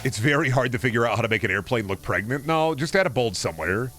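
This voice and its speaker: A man's voice: mid-range voice, lively intonation, fast talker, a bit bright, faint music behind. A man streaming a game, chatting casually in a rambling, profane, jokey way.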